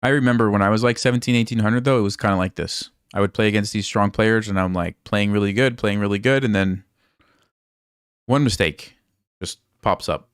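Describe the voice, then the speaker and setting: A hoarse man commentating his own online games as a chess coach, thinking aloud in a relaxed way and quizzing viewers. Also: lowish voice, fairly quick, dry recording, studio quality. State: hoarse, losing his voice, coughing. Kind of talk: casual live game commentary.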